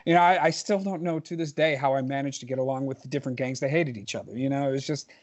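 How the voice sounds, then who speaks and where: A man's voice: mid-range voice, fast. A man in his forties from New Jersey, a podcast guest telling emphatic stories in casual chat, often restarting his sentences.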